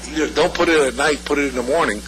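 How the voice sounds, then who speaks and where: A man in the audience telling a quick story from the floor at a community meeting. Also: fairly high pitch, fairly bright tone, faint music behind, rough recording. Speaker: audience member.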